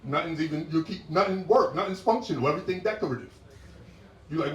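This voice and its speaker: A man doing a stand-up set, animated and jumping into high-pitched impressions of women, with crowd work. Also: fast. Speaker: stand-up comedian. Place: comedy club stage. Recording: roomy live club sound heard from a distance. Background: laughing audience.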